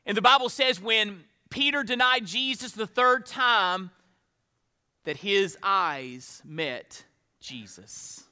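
A man preaching a sermon in a high, very bright voice. He presses points with lifted emphasis, then slows and sinks to hushed tones to let a line land. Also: lively intonation, smooth. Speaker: pastor.

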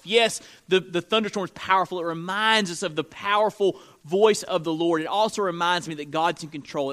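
Bright, high-voiced preaching man. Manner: preaching with big swings from loud emphatic peaks to quiet intimate lows; repeats key phrases for emphasis, asks the congregation questions. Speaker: pastor. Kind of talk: sermon.

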